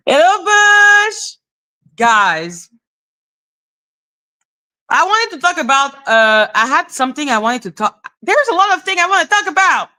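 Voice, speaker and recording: Bright high-voiced woman on a live stream. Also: measured pace, long pauses. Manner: animated, laughing, greets viewers, swears freely. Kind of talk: casual live stream commentary.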